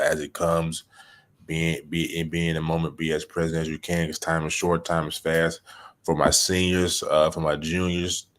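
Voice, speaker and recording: Very deep-voiced man giving earnest advice. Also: a bit bright. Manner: earnest, rambling advice with many fillers. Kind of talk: casual podcast chat.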